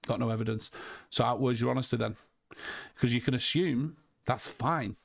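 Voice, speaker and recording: A man's voice: medium pitch, moderate pace, creaky. A man hosting a call, talking in a heated, emphatic way, swearing and repeating himself. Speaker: host. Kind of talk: heated casual call chat.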